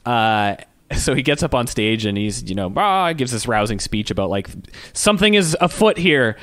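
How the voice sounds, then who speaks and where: A man's voice: lowish voice, lively intonation, normal speed, a bit bright. A young man co-hosting a movie podcast, rambling casually with lots of "like" and restarts. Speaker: podcast co-host. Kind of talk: casual movie review chat.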